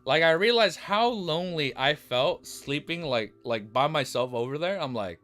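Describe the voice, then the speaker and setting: A man's voice: a little high, animated, moderate pace, fairly bright tone. A young man streamer rambling casually through his outro from the floor at home, often breaking into playful baby talk with his dog. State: low energy.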